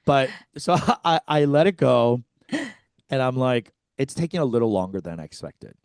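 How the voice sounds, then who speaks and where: A man's voice: medium pitch, normal speed, clean tone, no echo, studio quality. A man co-hosting a comedy podcast, telling a story with lots of swearing and acted-out quotes. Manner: animated, profane, acts out quotes.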